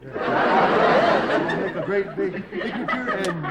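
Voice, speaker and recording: Simple country bumpkin, high and bouncy, over loud studio laughter on old TV sound. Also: male voice, muffled recording, a loud crowd. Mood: muddled. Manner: slow, goofy, rambling comic delivery. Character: dim-witted simple country bumpkin man. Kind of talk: 1960s TV sketch comedy before a live audience. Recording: noisy old TV broadcast with loud audience laughter. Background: studio audience laughing.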